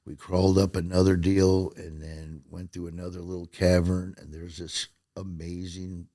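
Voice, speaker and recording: A man hosting his own TV show, telling a story in an animated, casual way and swearing freely. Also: deep voice, normal speed, no room sound, studio quality.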